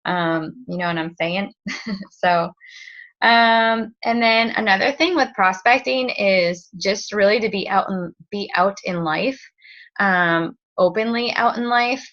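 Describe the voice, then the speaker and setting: A woman's voice: medium pitch, unhurried. A woman in her thirties giving a casual training talk as a direct-sales team leader, rambling with lots of fillers and restarts. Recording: dull lo-fi recording.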